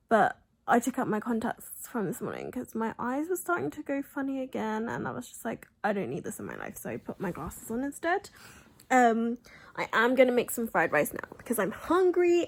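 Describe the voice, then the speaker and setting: A woman's voice: on the high side, gravelly, breathy edge, rough recording. A young British woman vlogging at home, telling rambling stories in a chatty way with lots of fillers. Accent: British English. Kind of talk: casual chat vlog. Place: home, on a balcony.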